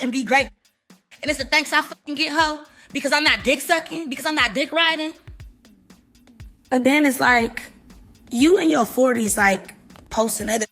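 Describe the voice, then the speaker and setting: A woman's voice: high-pitched, sharp tone. A woman in a heated, profane rant, cursing and lecturing in a casual way.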